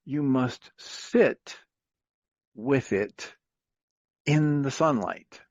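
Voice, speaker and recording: A man voicing a patient farmer neighbor who gives calm, matter-of-fact advice. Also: mid-range voice, extremely slow, dry recording, muffled recording.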